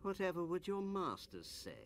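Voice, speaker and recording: A man voicing an older, calm and sly political leader who talks in a smooth, condescending way in an animated series. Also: sits high, moderate pace, background noise.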